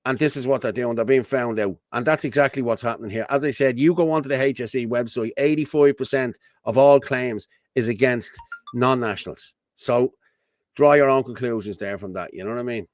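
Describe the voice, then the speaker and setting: A man's voice: mid-range voice, brisk, no room sound. Blunt Irish man ranting. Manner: blunt, repetitive, colloquial. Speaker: host. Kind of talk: ranting commentary.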